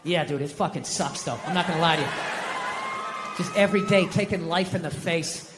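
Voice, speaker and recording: A middle-aged man doing a stand-up comedy set, animated and swearing as he rants. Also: a little high, brisk, long reverb tail, a crowd in the background, noisy background.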